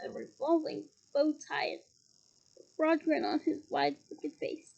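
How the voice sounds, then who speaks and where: A woman's voice: sits high, flat delivery, a little slow, vocal fry, darkish tone. A woman with a Scottish accent reading a novel aloud expressively, with disgusted asides. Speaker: audiobook reader. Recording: dull lo-fi recording.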